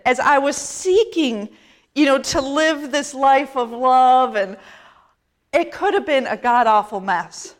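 A woman's voice: sits high, takes it slowly. A middle-aged woman priest preaching a conversational sermon, self-deprecating and often laughing.

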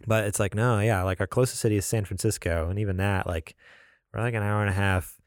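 A man's voice: fairly low pitch, fairly even intonation, fast talker, dry recording, studio quality. A man from New York hosting a podcast, chatting casually in a teasing way and laughing often. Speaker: podcast host. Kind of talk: casual chat.

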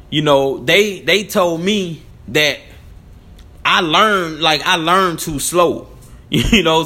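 High-voiced man in loose style talk. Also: sharp tone. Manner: loose, conversational, with laughs and frequent "you know what I'm saying". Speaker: commentary channel host. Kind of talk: casual spoken commentary.

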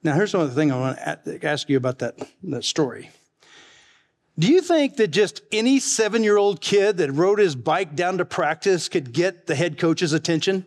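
A man's voice: on the high side, animated, moderate pace. A middle-aged male pastor preaching a sermon in a folksy, chatty way, telling family stories and chuckling along. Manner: folksy, chatty, laughs at his own stories. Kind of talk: sermon with storytelling.

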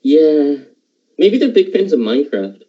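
A man's voice: fairly high pitch, big pitch swings, a little slow, dark tone, husky. A man in casual podcast chat who banters and teases dryly. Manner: dry, teasing banter. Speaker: podcast co-host. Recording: dull lo-fi sound.

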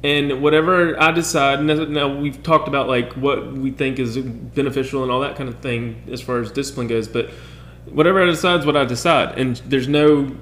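A man's voice: mid-range voice, fairly even intonation, a little fast, few pauses, a bit bright, echoey room, slight background noise. A man co-hosting a casual talk about parenting with his wife, rambling with many restarts and quoted asides. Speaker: podcast co-host. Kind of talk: casual chat.

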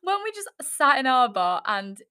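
A young woman, co-hosting a podcast and telling a story in animated, laughing casual chat. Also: sits high, moderate pace, clear, resonant tone. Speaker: podcast co-host.

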